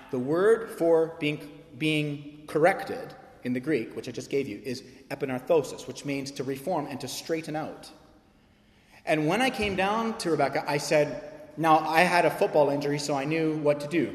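A man preaching a sermon as pastor, telling a personal story and acting out the voices in it. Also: on the high side. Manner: animated storytelling preacher, acts out quoted voices. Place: church sanctuary. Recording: echoey hall with long reverb.

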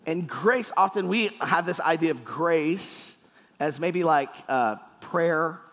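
A man preaching a sermon with playful, animated storytelling in a church hall. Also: on the high side, slow pace. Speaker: pastor. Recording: echoey hall.

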